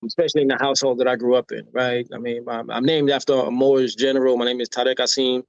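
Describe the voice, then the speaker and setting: A man's voice: mid-range voice, quick pace, no echo. An American man telling personal stories as a podcast guest. He has a mid-range voice and acts out the people in his stories, often checking in with "right?". The sound is dry and a little dull, like a modest lo-fi recording. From United States. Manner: animated storyteller who acts out quoted voices and often adds "right?". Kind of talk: personal storytelling in a podcast interview.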